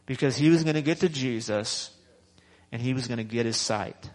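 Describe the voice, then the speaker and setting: A male pastor preaches in a conversational, repetitive style, frequently restarting sentences and chuckling. His voice is medium-pitched at a normal pace, captured in a rough recording.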